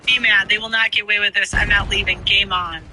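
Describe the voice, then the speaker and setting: A man's voice: high-pitched, little pitch movement, fast talker, noisy background. A man live-streaming, giving opinionated casual commentary while he plays a game. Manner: opinionated, talks while gaming.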